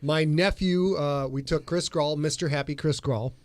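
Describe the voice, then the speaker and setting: A man's voice: on the high side, moderate pace, no echo. A man co-hosting a podcast in casual chat, joking and rambling as he goes. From Sheboygan area, Wisconsin. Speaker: podcast co-host.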